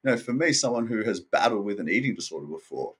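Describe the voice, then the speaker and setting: Husky low-voiced man, rambling and candid. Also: animated, quick pace, fairly bright tone. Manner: rambling, swears often, frequent restarts. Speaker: podcast guest. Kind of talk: candid casual conversation.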